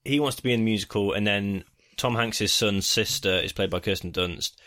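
A man's voice: lowish voice, fairly quick, sharp tone. A man co-hosting a podcast, chatting casually about a film and retelling its plot with many restarts. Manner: laid-back, retells plots at length with many restarts. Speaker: podcast co-host. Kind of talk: casual film review chat.

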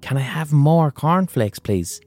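A man's voice: fairly high pitch, expressive, a little slow, darkish tone, no room sound, soft background music, voice pushed up. A man voicing a cheerful, naive customer who chats innocently about cereal. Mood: chirpy.

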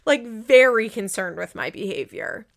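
A woman's voice: fairly high pitch, animated, normal speed, creaky. A woman giving a casual, rambling recap of a reality show, opinionated and indignant, with many "like" fillers. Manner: rambling, chatty, lots of "like" fillers.

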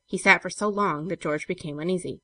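A woman reading a classic story aloud in a measured, steady way. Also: fairly low pitch, dry recording. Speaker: narrator.

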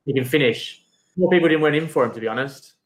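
A man's voice: a little high, quick pace. Man from australia, podcast guest, casual football chat, tentative. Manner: tentative, lots of kinda and right.

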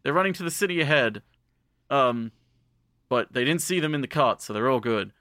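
Man, podcast co-host, casual rambling recap, profane, bright forceful tone, dry close sound. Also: medium pitch, expressive, dry recording. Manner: rambling, profane, acts out lines in quick voices.

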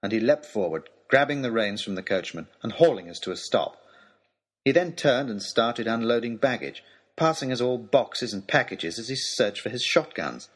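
A man's voice: lowish voice, animated, moderate pace, breathy edge. A man reading a storybook letter aloud in a wry, dry and polite manner. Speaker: audiobook reader.

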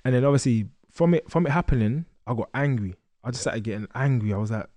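A young man telling a lively story as a podcast guest, acting out the voices of others. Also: mid-range voice, fast, few pauses, no room sound. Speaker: guest boxer.

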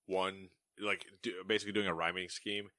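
A man's voice: deep voice, little pitch movement, brisk, bright, forceful tone, no echo, studio quality. A man co-hosting a casual gaming news podcast, joking and laughing often as he reads stories. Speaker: co-host reading gaming news.

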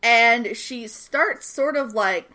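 Bright, animated young woman recapping a show. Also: fairly high pitch, takes it slowly. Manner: animated storytelling, acts out characters' lines, swears and laughs often. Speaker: podcast co-host recapping a TV series. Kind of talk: casual chat.

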